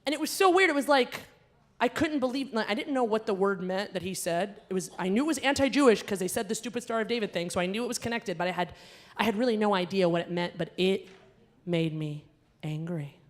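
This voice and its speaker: A young woman from the American South, emceeing a gala as a comedian, telling an animated story on a stage microphone in a large hall. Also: mid-range voice, fast. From Southern United States. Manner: animated storyteller, loud acted-out outbursts in quoted lines. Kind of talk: storytelling stand-up set. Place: large performing arts hall at a gala dinner.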